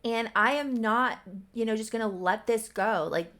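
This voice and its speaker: A woman's voice: mid-range voice, moderate pace, creaky. A woman voicing a young man, an angry, vengeful brother, recapping a life-sim soap opera. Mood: furious. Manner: shouting, bitter.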